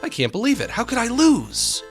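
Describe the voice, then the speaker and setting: A man's voice: extremely high pitch, wildly swooping pitch, normal speed, soft background music, pitched above the performer's own voice, full character voice. A man voicing a cheeky male ghost who taunts the player in mock-British slang. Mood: sulky. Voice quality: mock-British banter, "mate" and "boyo".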